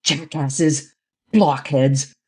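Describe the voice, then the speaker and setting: Lupin, a man voicing a mocking gentleman thief. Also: medium pitch, animated, fairly quick, lightly acted. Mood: furious. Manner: mocking, jaunty.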